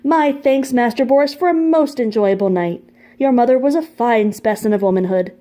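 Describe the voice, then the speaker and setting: A woman voicing a pretty, smooth-talking young dandy man who speaks in a crooning, flowery, theatrical way. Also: fairly high pitch, normal speed, warm tone, pitched above the performer's own voice, lightly acted. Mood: cheeky.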